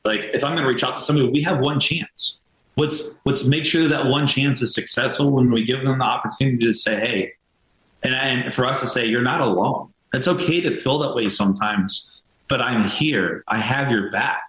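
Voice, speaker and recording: A man's voice: mid-range voice, normal speed, a bit bright, reverberant, poor audio. Earnest man, casual, full of fillers. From United States. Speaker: veteran nonprofit co-founder, guest. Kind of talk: podcast interview.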